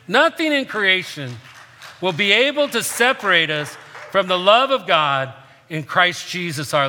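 Pastor guy preaching, kinda high bright voice, builds up loud then drops quiet, echo of a big hall. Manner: emphatic preaching, rising and falling between quiet and loud. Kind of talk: sermon. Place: church sanctuary.

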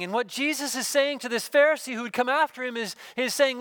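A man preaching a sermon, earnestly telling a personal story and dropping to a hushed voice in its intimate moments. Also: very high voice, fairly quick, few pauses, no room sound, clean studio sound. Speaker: pastor.

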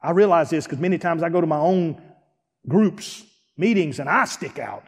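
A man with a high, bright-pitched voice delivers a sermon in a church sanctuary. He swings from hushed, almost whispered lines to ringing near-shouts. Long reverb from the hall trails behind each phrase. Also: moderate pace. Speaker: pastor.

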